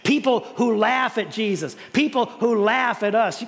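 A man preaches to his congregation, chatty and animated, doubling back on his words. His voice rings out with the long reverb of a large church hall. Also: high voice, measured pace, vocal fry. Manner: animated, conversational preaching with repeated words and rhetorical questions. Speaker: pastor. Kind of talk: sermon.

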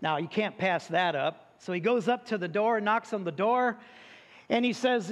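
A man's voice: sits high, normal speed. A man preaching a sermon in a church, praying and then speaking to the congregation in a conversational way. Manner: prays then tells a joke, conversational preaching. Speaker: pastor. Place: church sanctuary. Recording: long hall reverb.

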